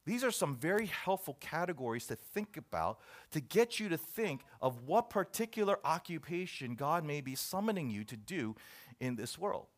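A man's voice: a little high, sing-song, moderate pace. A man preaching a sermon, reading a list aloud and joking with his listeners. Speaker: pastor.

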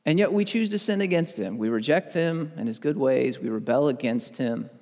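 A man in his thirties giving a conversational Bible teaching, telling personal stories in an animated way that builds up steam. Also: medium pitch, moderate pace, big-room sound. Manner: animated storyteller who gets worked up. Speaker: podcast host teaching on faith.

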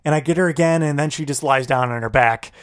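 A man's voice: a little high, fast talker, fairly bright tone, no room sound, clean studio sound. A man co-hosting a podcast, telling a story in casual chat and acting out his own quotes. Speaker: podcast co-host.

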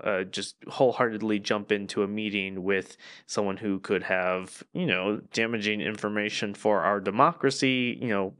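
A man's voice: fairly low pitch, a bit bright, clean tone. Male host for a politics podcast: loose, conversational explainer who drifts into asides and fillers. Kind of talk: casual political explainer monologue.

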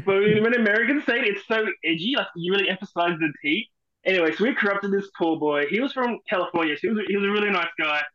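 Laughing Australian man, a little high. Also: quick pace, a bit bright, dull audio. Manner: swearing, laughing storyteller. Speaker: podcast guest. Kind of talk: casual chat.

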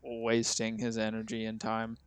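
A man's voice: on the low side, completely flat delivery, a little slow, clear, resonant tone, dry recording. A man co-hosting a podcast, telling a sports story in casual chat and acting out the people he quotes. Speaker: podcast co-host.

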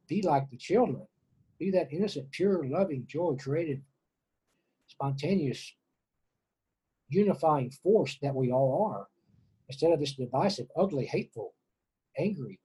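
A middle-aged man from Texas speaks with heartfelt earnestness. His voice is mellow and warm, with a very smooth, clear resonance. He often stumbles over and repeats his words as he reaches for them. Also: on the high side, lively intonation, measured pace, long pauses, low-quality recording. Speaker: interview guest, former prisoner. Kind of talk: emotional spiritual monologue.

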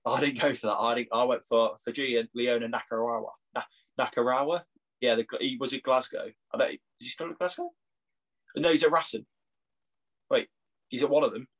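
A young English man trading banter on a podcast, mid-pitched and laughing a lot. He jokes, teases and keeps things easygoing. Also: fairly even intonation, brisk. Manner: jokey, laughs often. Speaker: podcast co-host. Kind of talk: casual chat.

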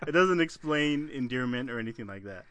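Laughing, animated man telling stories. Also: mid-range voice, fairly quick. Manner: storytelling with frequent laughter, profane. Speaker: podcast co-host. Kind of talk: casual chat.

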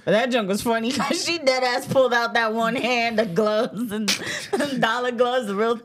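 A woman's voice: on the high side, normal speed, crowd noise. A woman co-hosting a casual podcast, telling a childhood story with lots of laughter. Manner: laughs a lot, lively and joking. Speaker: podcast co-host.

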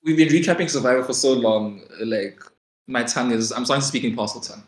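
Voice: medium pitch, fast talker. A co-host from South Africa chatting casually on a podcast, teasing and playfully dramatic. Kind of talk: casual chat. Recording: echoey room.

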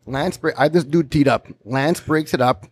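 A Canadian man from Winnipeg, in his thirties, telling a profane, animated story as a podcast guest. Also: fairly high pitch, normal speed. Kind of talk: casual storytelling.

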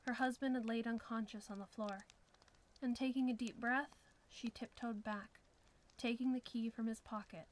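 A woman narrating a suspenseful story in a steady storytelling manner. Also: fairly high pitch, moderate pace, rough recording.

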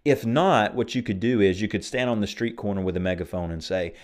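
A man hosting a faith podcast, preaching fervently and then chatting warmly and jokingly with listeners. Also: fairly low pitch, brisk, hardly any pauses.

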